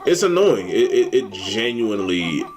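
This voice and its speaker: A young man chats loosely while he streams a game, his pitch swinging wide as he rants in exasperation. He swears freely and riffs on pet peeves. Game music plays clearly behind him. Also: normal speed. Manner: animated, swearing, exasperated ranting. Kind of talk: casual rant while gaming.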